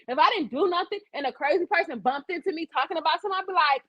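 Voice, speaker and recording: A woman's voice: extremely high pitch, racing, few pauses, bright, forceful tone, muffled recording. A woman hosting a casual live-stream commentary show, blunt and profane, acting out the quotes she tells.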